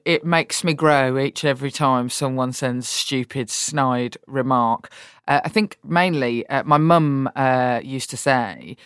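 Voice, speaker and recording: Woman, interview guest: blunt, animated, swears freely, dry close sound. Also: a bass voice, measured pace, clean tone, no echo. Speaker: interview guest, politician and author. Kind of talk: candid conversational interview.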